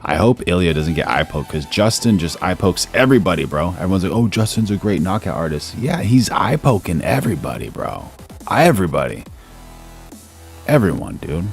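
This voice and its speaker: A man with a very low, gravelly voice hosts a casual live stream. He chats loosely with viewers, reads their comments aloud and tosses "bro" into nearly every sentence. Faint music plays underneath. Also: very animated, moderate pace. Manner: laid-back, calls everyone "bro", reads chat aloud.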